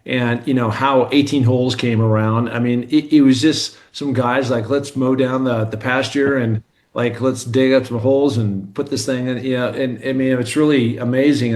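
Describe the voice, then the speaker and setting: A man's voice: medium pitch, darkish tone. A man from Seattle, a former football player, chatting as a radio guest in a rambling, storytelling way. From Seattle, Washington. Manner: rambling storyteller, many restarts and asides. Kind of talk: casual radio chat.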